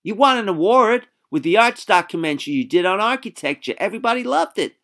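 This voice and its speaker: A man voicing a pushy businesswoman with a breathy, husky, over-the-top theatrical voice, in an audiobook. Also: medium pitch, animated, quick pace, a bit bright, voice pushed up. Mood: desperate.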